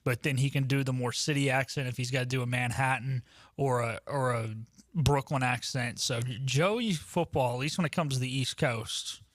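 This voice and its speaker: A man's voice: mid-range voice, fairly even intonation, normal speed, no echo. Chatty young male sports radio host. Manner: chatty, with frequent ums and uhs. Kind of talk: casual sports talk radio.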